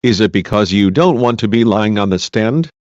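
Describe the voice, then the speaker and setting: A man's voice: on the low side, expressive, normal speed, a little mellow, no room sound, close to an everyday voice. A man voicing a persistent female defense lawyer who asks pointed, repeated questions in a deposition. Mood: pressing. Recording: dull lo-fi dry recording.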